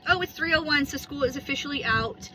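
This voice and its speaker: Chatty high-voiced woman vlogging from her car. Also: fast talker, noisy background. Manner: chatty, rambling, giggly. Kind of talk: casual driving vlog chat. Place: in a parked car. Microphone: phone camera in the car.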